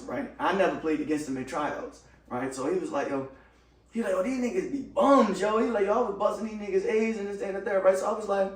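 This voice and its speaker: High-voiced man telling stories, roomy. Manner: lively storyteller, slangy, laughs often. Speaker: podcast co-host. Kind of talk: casual chat, storytelling. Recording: roomy, distant from mic.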